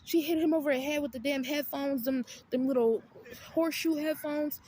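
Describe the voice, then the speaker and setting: A woman with a high voice rants through a casual storytime. She is blunt and profane and animated, and her voice rises when she acts out what she said back. Faint noise sits under her voice outdoors. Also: moderate pace. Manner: acts out her own retorts in a raised voice. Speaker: vlogger.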